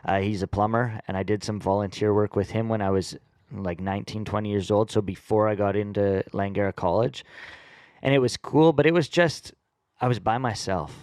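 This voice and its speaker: A young man speaks as a podcast guest, recounting his past in an easygoing, rambling way. His voice sits a little low and is recorded dry and close. His delivery is casual and loose, full of fillers. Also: fairly quick, no echo. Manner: relaxed storyteller with many fillers.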